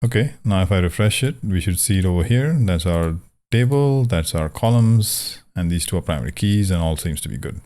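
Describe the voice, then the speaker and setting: Male tutor, very deep voice, conversational walkthrough, thinks aloud. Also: lively intonation, fairly quick, hardly any pauses, mellow. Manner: wry, joking about pronunciation. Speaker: programming tutor. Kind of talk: casual screen-share coding walkthrough.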